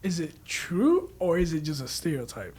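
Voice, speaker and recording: Twenties man, high voice, animated filler-heavy group talker. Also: normal speed, slightly rough. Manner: animated, talks with lots of "like". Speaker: student or staff member. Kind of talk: casual group chat.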